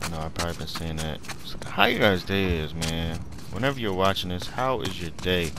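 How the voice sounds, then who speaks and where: A man from Pennsylvania doing live gameplay commentary, chatting with viewers and yelling when the game scares him. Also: low-pitched, very animated, a little fast, noisy background. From Pennsylvania, USA. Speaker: gamer playing on camera. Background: game music.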